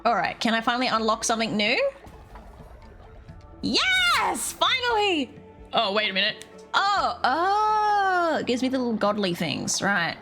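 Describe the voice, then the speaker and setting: A woman streamer giving live gameplay commentary, excitable and foul-mouthed, often talking straight to the characters in the game. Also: medium pitch, fast talker. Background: faint game music.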